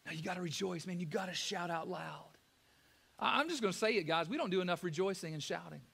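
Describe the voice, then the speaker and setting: A man preaching with a very high-pitched voice. He talks to the congregation casually, dropping to near-quiet and then rising to loud, fervent peaks. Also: animated, fast talker, gravelly, husky. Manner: preaching with sudden loud rises and soft drops; conversational, addresses listeners as guys. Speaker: pastor. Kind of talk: sermon.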